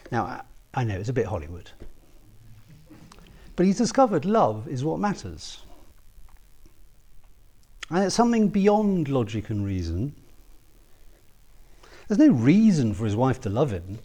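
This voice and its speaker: A man preaching a sermon, earnest and personal, rising to emphatic peaks and dropping to soft, quiet asks. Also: mid-range voice, wildly swooping pitch, unhurried, pauses often.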